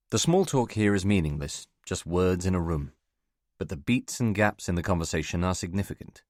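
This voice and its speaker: A man giving measured, scripted first-person narration of a novel for an audiobook. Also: deep voice, dry recording, clean studio sound.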